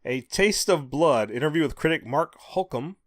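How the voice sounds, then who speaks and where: A man's voice: fairly high pitch, normal speed, no room sound, studio quality. A man co-hosting a podcast, chatting casually and reading out release listings with offhand asides. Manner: relaxed, reads release lists with asides. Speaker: podcast co-host. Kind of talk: casual chat.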